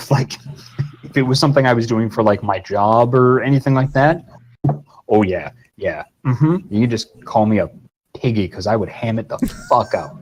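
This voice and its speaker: A man's voice: medium pitch, lively intonation, normal speed, slight background noise, rough recording. A man talking as a guest voice actor and game master, rambling and swearing casually in an interview.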